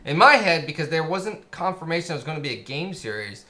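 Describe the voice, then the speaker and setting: A man co-hosting a casual chat, halting and restarting his sentences in a loose, chatty way. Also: on the high side, very animated, pushed and bright. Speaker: co-host.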